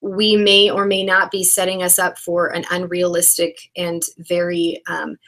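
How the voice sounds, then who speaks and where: A woman's voice: fairly low pitch, completely flat delivery, unhurried, fairly bright tone. A woman in her thirties co-hosting an educational talk show, speaking emphatically and laughing often. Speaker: co-host, educator. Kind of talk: conversational educational podcast.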